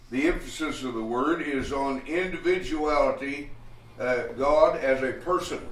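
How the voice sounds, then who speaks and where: A man preaching an expository Bible lesson, slow and deliberate, with frequent pauses and fillers. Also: mid-range voice. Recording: echoey room picked up from a distance.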